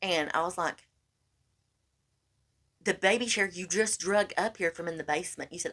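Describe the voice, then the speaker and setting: Woman podcaster, lower register, animated casual storyteller who keeps saying "honey.". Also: normal speed. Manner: animated, acts out quoted lines, calls listener honey. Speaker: podcast co-host.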